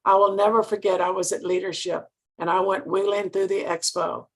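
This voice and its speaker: A woman's voice: medium pitch, level tone, fairly quick. An older woman from Mississippi, giving an earnest motivational sales talk and asking her listeners direct questions.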